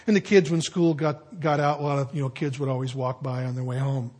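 A man's voice: medium pitch, level tone, brisk, a little mellow, husky. An older man, a pastor, preaching a sermon to his congregation with folksy storytelling and conversational asides.

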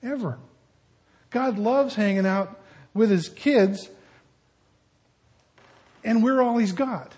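Male pastor with a high-pitched, husky voice, conversational sermon style with jokes. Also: slow, long pauses, darkish tone. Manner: conversational, joking asides.

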